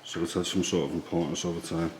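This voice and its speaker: A man quietly explaining history as he walks visitors through a museum in an old priory. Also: little pitch movement, quick pace. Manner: hushed, low-key explaining. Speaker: history tour guide. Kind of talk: walking tour vlog. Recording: echoey room with background noise.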